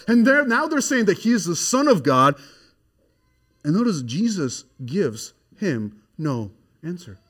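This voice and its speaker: A man preaching an expository sermon, swinging from hushed, grave passages to loud, excited emphasis. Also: high voice, normal speed, husky.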